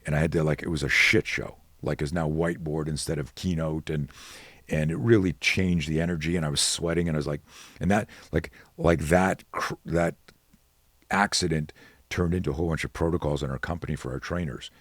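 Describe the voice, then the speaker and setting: A middle-aged man, a guest on a podcast interview, telling stories in an animated way and acting out the dialogue. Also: very deep voice, no echo. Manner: animated, acts out dialogue with quick voice changes. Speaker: guest, self-defense expert.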